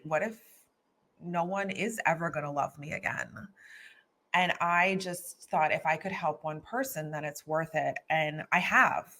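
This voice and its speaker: A woman's voice: sits low, a bit bright. A middle-aged woman from Philadelphia, a guest author talking candidly and earnestly about her own experience, often restarting her sentences. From Philadelphia, USA. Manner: earnest, storytelling, frequent restarts. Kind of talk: candid personal conversation.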